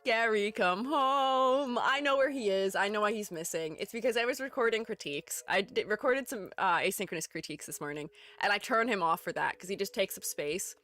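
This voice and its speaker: Young woman, casual live-stream host; animated, chatty, laughs a lot. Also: mid-range voice, fast talker, hardly any pauses, soft background music. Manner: chatty, reads chat aloud, laughs often. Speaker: streamer and art educator.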